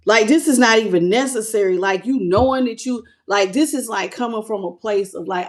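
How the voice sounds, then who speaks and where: A woman's voice: mid-range voice, moderate pace, few pauses. Emotional woman giving a live tarot reading. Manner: emotional, greets viewers by name, colloquial. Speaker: tarot reader.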